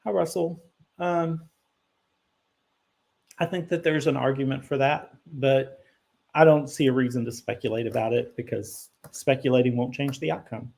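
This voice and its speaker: A man with a gravelly, creaky voice at an ordinary middle pitch hosts a live question-and-answer stream. He talks in a loose, conversational way, thinking aloud and correcting himself, and turns blunt and emphatic when he sets a misconception straight. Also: steady tone, normal speed, darkish tone. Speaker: immigration attorney hosting a live Q&A.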